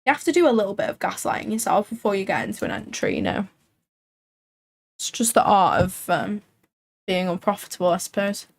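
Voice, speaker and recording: A woman's voice: medium pitch, big pitch swings, a little fast, creaky. A woman hosting a live trading stream, chatting casually and thinking aloud with frequent filler words. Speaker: livestream trading host.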